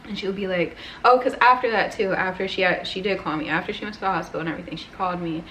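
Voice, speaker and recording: A woman's voice: fairly low pitch, very fast, bright, forceful tone, slight background noise, poor audio. A woman in her twenties telling a personal story to camera in a rambling, emotional way, near tears, recorded on a camera microphone. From United States. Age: 20s. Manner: rambling, emotional, frequent "like" and "right?". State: tearful. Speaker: vlogger. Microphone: camera mic.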